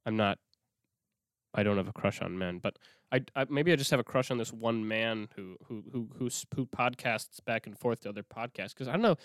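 A man's voice: lowish voice, a little fast, no room sound, studio quality. A young man hosting a casual solo podcast, rambling and swearing, cutting himself off mid-sentence. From Minnesota. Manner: rambling, profane, self-interrupting. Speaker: podcast host.

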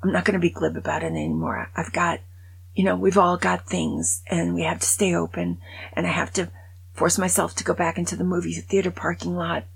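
A woman over sixty-five hosting her podcast, telling a long joke in a casual conversational way and dropping to a hushed voice for the sad parts. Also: fairly low pitch, expressive, brisk, gravelly, husky. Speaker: podcast host.

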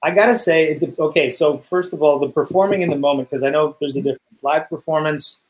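A man's voice: on the high side, quick pace, poor audio. A young adult man, a stunt performer, chatting casually in an interview and acting out the people he quotes. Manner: animated storyteller, acts out quotes.

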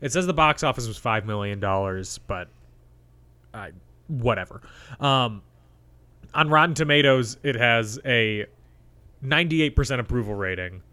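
A young man co-hosting a film podcast, reading out facts in a halting, relaxed way and chatting casually. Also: medium pitch, clean tone. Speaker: podcast co-host. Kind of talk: casual chat.

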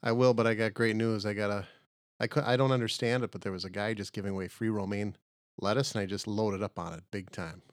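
A man co-hosting a comedy podcast with a somewhat low voice. He rambles in a loose, joking way, and the close mic leaves the sound dry. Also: steady tone, fast talker, no echo. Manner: rambling, jokey, easygoing talk with playful tangents. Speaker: podcast co-host.

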